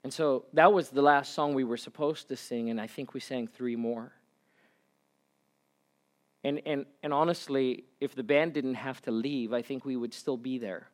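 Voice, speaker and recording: A male pastor preaching a sermon, telling a story and rising to loud, fervent passages. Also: medium pitch, steady tone, moderate pace. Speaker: pastor and camp director.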